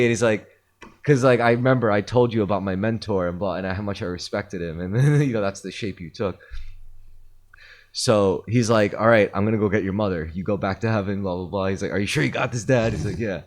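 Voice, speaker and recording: A man's voice: fairly low pitch, fast talker, a little mellow. A man hosting a podcast, retelling a story in a rambling casual way with lots of fillers and swearing. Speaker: podcast host. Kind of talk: casual chat.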